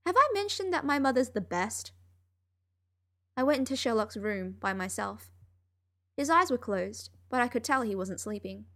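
A woman reading a first-person story aloud in an expressive, emotional way. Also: on the high side, moderate pace, long pauses. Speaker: audiobook narrator.

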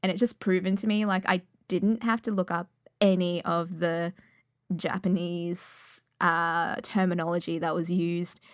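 Chatty young woman, low dry voice. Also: level tone, unhurried, no room sound. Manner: rambling, self-deprecating, chatty with many fillers. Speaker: podfic reader. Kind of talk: casual chat.

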